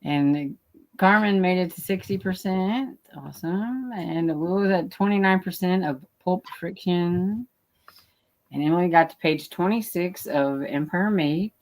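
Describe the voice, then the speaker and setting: A woman hosting a reading livestream, chatting casually and reading viewer comments aloud with light laughs. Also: on the low side. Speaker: host of a reading sprint livestream.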